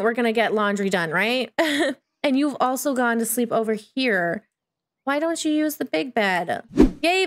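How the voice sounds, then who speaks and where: A chatty woman narrates her game with bubbly excitement. Her voice sits fairly high and bounces up into squeals when something goes well. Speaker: gaming YouTuber. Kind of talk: Let's Play commentary.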